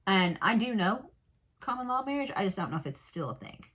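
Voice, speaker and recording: A woman's voice: medium pitch, sing-song, a little fast, fairly bright tone. A woman casually recapping a true crime episode in a rambling way, with many fillers and asides and candid personal comments.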